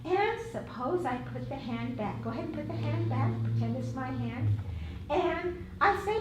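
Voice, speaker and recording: High, lively woman leading a workshop. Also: moderate pace, background noise. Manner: upbeat, encouraging, directive. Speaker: safety instructor. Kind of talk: interactive workshop teaching. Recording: echoey room, distant mic.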